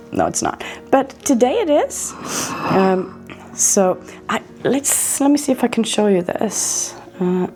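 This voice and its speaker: This skincare vlogger chats to camera in a relaxed, self-deprecating way, her pitch jumping about lively. A cold seems to be coming on, leaving her sounding slightly groggy.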